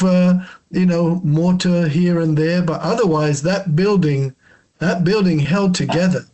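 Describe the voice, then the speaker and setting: Opinionated man with a slightly high voice. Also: steady tone, a little slow, mellow. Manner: thoughtful, opinionated, with fillers. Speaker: guest. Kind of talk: casual chat.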